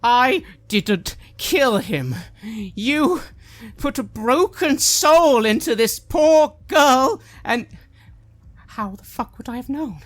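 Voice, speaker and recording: A woman's voice: fairly high pitch, very animated, slow pace, few pauses, voice pushed up, exaggerated voice. A woman playing Eve, a furious grieving mystic. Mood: anguished. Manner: shouting, anguished and scolding.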